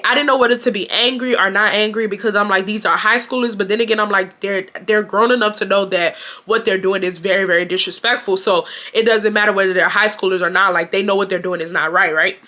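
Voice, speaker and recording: A woman's voice: mid-range voice, brisk. A woman in her twenties from Houston, Texas, telling a personal story to camera in a casual, slangy way and acting out what others said. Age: 20s. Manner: animated, slangy, acts out quoted people. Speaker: storytime vlogger.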